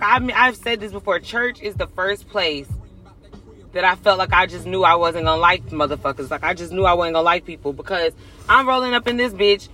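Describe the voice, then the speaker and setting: A man with a high, bright voice speaks straight to his audience in a casual vlog. He is blunt and profane, hammering his points home with emphasis. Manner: blunt, profane and emphatic, addressing viewers directly. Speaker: vlogger. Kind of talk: casual confessional monologue.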